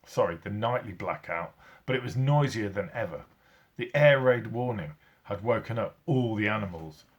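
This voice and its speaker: Animated man reading a storybook aloud. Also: on the low side, normal speed, husky, highs cut off. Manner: animated, with sound effects. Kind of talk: children's story read-aloud.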